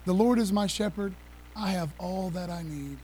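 A male preacher giving an excited, conversational sermon, talking fast with laughs and casual asides. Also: high voice, slight background noise, poor audio. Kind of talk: energetic sermon with slides.

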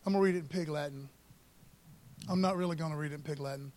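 A man preaching with fervor, his voice sitting noticeably high. He keeps the tone casual and punchy, tossing in "man" and calls for an amen between lines. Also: quick pace, a little mellow. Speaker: pastor. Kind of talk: sermon.

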